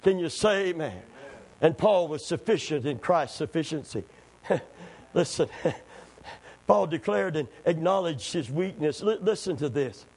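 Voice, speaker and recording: Man, preacher, high voice, sermon with call-and-response, shouted peaks. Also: animated, measured pace, pauses often, rough recording.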